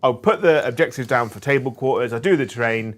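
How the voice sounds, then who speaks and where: A man's voice: medium pitch, quick pace, slight background noise. A man playing a tabletop wargame on a stream, chatting casually, teasing his opponent and laughing often. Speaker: tabletop game player. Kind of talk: casual chat while gaming.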